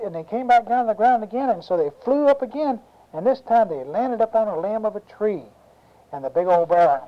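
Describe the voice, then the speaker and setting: Animated storyteller on a dull lo-fi tape. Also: mid-range voice. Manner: animated, with animal sound effects and questions to the children. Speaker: storyteller to children. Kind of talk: telling a children's story aloud. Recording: dull lo-fi home recording.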